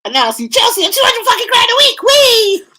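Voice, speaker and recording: A man's voice: very high-pitched, sing-song, fast, sharp tone, voice pushed up, full character voice. A man voicing a young male footballer who squeals and swears, giddy and boastful about his big wages.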